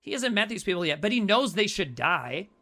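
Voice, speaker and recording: A man's voice: sits high, very animated, a little fast, bright, forceful tone. A man co-hosting a podcast, recapping a horror movie in casual, swearing, rambling chat. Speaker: podcast co-host.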